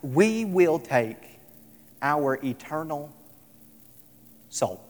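A man preaching a sermon, emphatic, repeating his lines and swinging between loud and soft. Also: a little high, sing-song, drawn-out words. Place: large hall, tonight service. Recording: echoey hall with long reverb.

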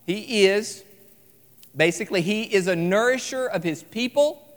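A man preaching an evening sermon, earnest and emphatic, slowing down to stress key phrases. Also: sits high. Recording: long hall reverb.

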